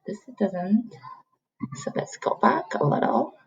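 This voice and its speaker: Slow, patient woman teaching Chinese. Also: mid-range voice, huge pitch swings, gravelly, slightly rough, lo-fi sound. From China. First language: Mandarin Chinese. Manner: slow, patient, demonstrates sounds by repeating them. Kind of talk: online language lesson.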